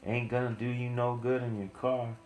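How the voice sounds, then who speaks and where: A man quoting a laid-back, unhurried male rapper in an easygoing, drawling way. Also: medium pitch, little pitch movement, darkish tone, close to an everyday voice. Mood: flat. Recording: roomy, faint music behind.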